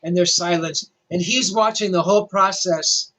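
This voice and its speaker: A man's voice: sits high, moderate pace, sharp tone, rough recording. An older male rock journalist telling a story animatedly, with self-deprecating humor. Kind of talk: storytelling interview.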